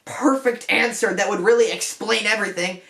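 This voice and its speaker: A man's voice: high-pitched, a little fast, gravelly, sharp tone. A young man hosting a comedic film commentary vlog in a detective persona, rambling and self-mocking, with joking asides and frequent restarts. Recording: echoey room.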